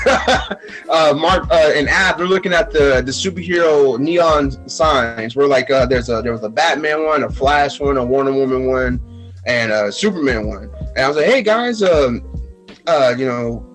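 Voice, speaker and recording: A man's voice: mid-range voice, a little slow, fairly bright tone, soft background music, poor audio. A young man with a Texas accent, telling stories in a casual podcast chat, acting out quotes with many fillers and restarts. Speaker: podcast guest.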